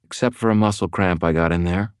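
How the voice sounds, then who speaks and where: A man voicing a calm young woman dancer who speaks quietly, his voice raised above its usual register. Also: deep voice, fairly quick, clean tone, dry recording, studio quality, close to an everyday voice.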